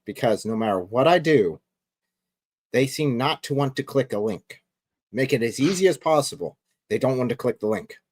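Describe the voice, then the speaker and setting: A man's voice: medium pitch, lively intonation, normal speed, darkish tone, dry recording, studio quality. A man co-hosting a live stream chat, making wry remarks.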